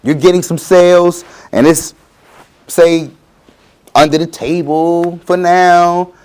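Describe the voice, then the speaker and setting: A man's voice: fairly high pitch, steady tone, slow, a little mellow, clean tone. A middle-aged man, giving a motivational talk to students and acting out quotes in changing voices. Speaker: guest speaker.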